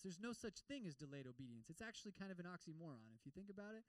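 A man's voice: high voice, expressive, quick pace, hardly any pauses, no echo, rough recording. A young man preaching a conversational sermon, acting out quoted voices of God and listeners. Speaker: campus ministry preacher.

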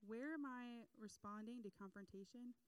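Young woman preacher, smooth clear voice, dry close sound, lively storytelling delivery. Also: a little high, normal speed, dry recording, low-quality recording. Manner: animated storytelling with acted quotes and laughs. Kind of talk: casual sermon.

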